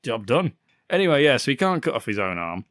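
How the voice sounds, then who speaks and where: A man's voice: medium pitch, very animated, fairly quick, fairly bright tone, no echo, studio quality. A man co-hosting a podcast, recapping a bad film in casual, profane, rambling banter. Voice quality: sweary, laughing, rambling recaps. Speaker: podcast co-host.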